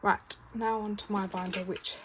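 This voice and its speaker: A woman's voice: medium pitch, little pitch movement, normal speed. Chatty British woman counting cash aloud. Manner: chatty, counts money aloud, corrects herself. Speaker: budgeting vlogger. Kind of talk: casual chatty vlog narration. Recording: clear background noise with keyboard clicks.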